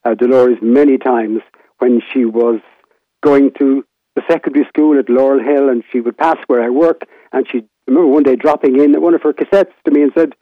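A man's voice: mid-range voice, steady tone, fairly quick, no echo. A man in his sixties with a Limerick Irish accent, a radio broadcaster reminiscing casually as a phone guest, rambling with many restarts. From Ireland. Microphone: telephone. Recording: tinny phone line.

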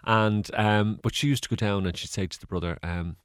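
A man's voice: fairly low pitch, fairly even intonation, fairly quick, clear, resonant tone, no room sound, studio quality. An Irish man, a guest in an interview, telling stories in a chatty, rambling way with fillers and laughs. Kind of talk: casual storytelling interview.

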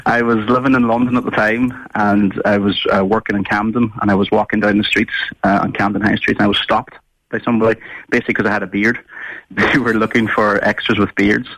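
A man's voice: lowish voice, flat delivery, brisk, a bit bright, no echo, rough recording. A man from Ireland calling into a radio show, telling a story and laughing between phrases. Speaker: caller. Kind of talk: phone-in storytelling.

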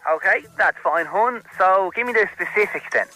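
A cheeky, breezy salon receptionist, played by a man with a high, very bright voice, calling everyone love and hun. Faint music sits under the voice. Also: lively intonation, fairly quick, full character voice, poor audio. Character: chatty camp male salon receptionist. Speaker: prank caller playing a salon receptionist.

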